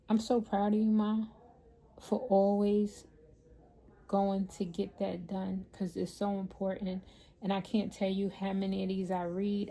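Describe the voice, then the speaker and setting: A woman. She chats candidly to her viewers and tells stories from her day. Her voice is warm, relaxed and a little breathy. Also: medium pitch. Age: 50s. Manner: candid, storytelling, talks straight to viewers. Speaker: vlogger and mother. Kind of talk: casual chat to camera.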